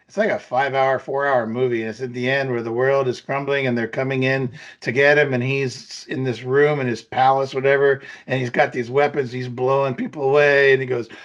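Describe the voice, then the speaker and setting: A middle-aged man co-hosting a podcast, chatting in an upbeat way with quick asides. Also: medium pitch, highs cut off. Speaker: podcast co-host. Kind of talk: casual chat.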